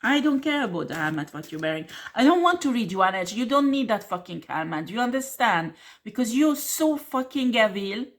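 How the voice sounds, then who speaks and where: Her voice sits fairly high, moves fairly quickly, and has lively intonation. In this tarot-reading monologue to camera she is combative and blunt, cursing, laughing scornfully, and tossing in "okay?" and "do you understand?" again and again.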